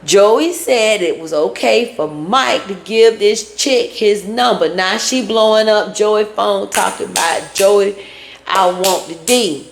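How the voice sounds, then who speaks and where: A woman's voice: medium pitch, takes it slowly, vocal fry, hardly any pauses, a little hiss or hum. A woman giving a casual recap of a reality show, acting out what each person said and now and then breaking into song. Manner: retells scenes acting out both sides, breaks into song. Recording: echoey room.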